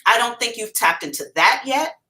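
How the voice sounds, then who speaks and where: A woman hosting a live psychic reading, talking in a blunt, profane and animated way. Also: a little high, normal speed.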